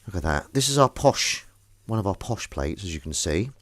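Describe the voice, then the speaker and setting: A man's voice: deep voice, big pitch swings, normal speed, fairly bright tone. A man chatting casually while he does the washing up, rambling, jokey and self-mocking, with the odd swear word. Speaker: host doing the washing up on a live stream.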